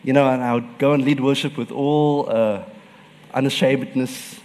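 A man's voice: mid-range voice, steady tone, normal speed, a little mellow, big-room sound, a little hiss or hum. A man preaching a sermon as pastor, telling personal stories and laughing often.

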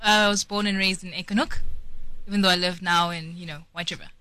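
A young woman with a South African accent, a pageant finalist, answering politely and softly as a radio guest. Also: fairly low pitch, steady tone, a little fast, clean tone, no room sound.

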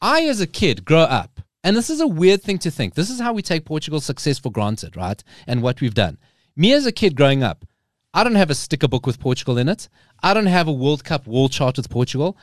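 Animated man in his forties, dry close mic. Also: fairly high pitch, a little fast, dry recording. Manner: animated storytelling, emphatic repeats. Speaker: podcast guest. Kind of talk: casual chat.

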